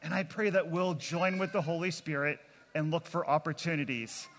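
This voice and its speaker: A man's voice: a little high, normal speed, fairly bright tone, a little hiss or hum. Earnest man preaching in a reverberant hall. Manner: earnest, plainspoken, calls out to the crowd. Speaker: kids camp pastor. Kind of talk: sermon to children and adults.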